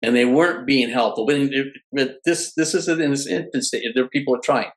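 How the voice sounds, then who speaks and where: A man's voice: medium pitch, fairly quick, low-quality recording. A middle-aged man, a podcast guest, telling stories in casual conversation, often restarting his phrases. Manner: animated storyteller who restarts phrases often.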